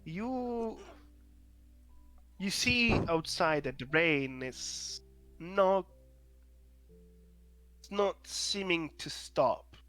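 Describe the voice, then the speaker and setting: Guy gm narrating a tabletop game real slow, kinda hesitant, slightly high voice, faint music behind. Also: expressive, bright, forceful tone. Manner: hesitant, many fillers and restarts. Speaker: game master.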